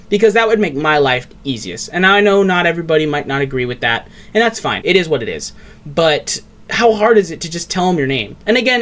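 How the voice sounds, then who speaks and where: A man's voice: fairly high pitch, fairly bright tone. A young man giving casual reaction commentary, ranting in exasperation and mocking what he watches.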